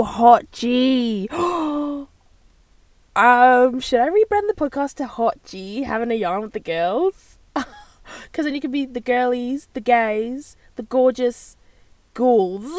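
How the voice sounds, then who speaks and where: A woman's voice: fairly high pitch, darkish tone, no echo. A young woman, hosting a casual solo podcast in a bubbly, rambling way. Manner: bubbly and rambling, with frequent gasps and laughs. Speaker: podcast host.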